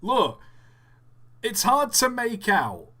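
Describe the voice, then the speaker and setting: A man's voice: very high voice, takes it slowly. A man co-hosting a live stream, chatting casually and joking. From England. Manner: animated, jokey, breaks into laughs. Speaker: stream co-host.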